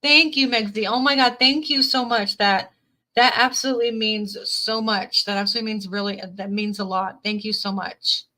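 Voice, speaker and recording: A woman's voice: medium pitch, steady tone, moderate pace, sharp tone. A woman reading tarot on a live stream, who repeats her phrases and reads viewers' comments aloud. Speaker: tarot reader.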